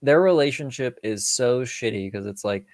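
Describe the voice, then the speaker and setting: A man co-hosts a laid-back film podcast, talking over a movie in an animated way and acting out its scenes. His voice sits at an ordinary middle pitch. The recording is dry and close, with no room sound. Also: moderate pace, no echo. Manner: animated, acts out scenes and quips with laughter. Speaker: podcast co-host. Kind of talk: casual film-review chat.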